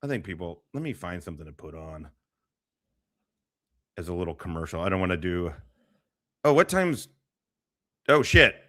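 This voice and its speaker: A man's voice: sits low, very animated, normal speed, long pauses, bright, forceful tone. A man hosting a casual livestream, talking in a rambling, profane way with many restarts. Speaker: livestream host.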